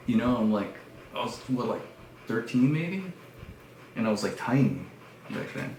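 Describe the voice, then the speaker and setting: A man on his podcast, casually telling a story in an animated way, with lots of fillers and hushed passages. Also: mid-range voice, moderate pace, pauses often. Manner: animated retelling with many fillers, dropping to hushed tones. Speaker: podcast host. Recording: echoey room with faint background noise.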